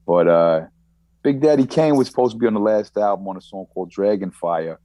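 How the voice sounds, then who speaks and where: A man's voice: on the low side, brisk, warm tone, dry recording. A man with a Long Island accent, a guest rapper chatting casually on a podcast, rambling with repeated words and frequent laughs, on a remote call. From United States. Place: Germany.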